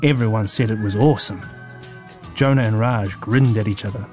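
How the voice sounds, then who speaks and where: A man reading a children's story in a calm, measured way. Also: lowish voice, soft background music.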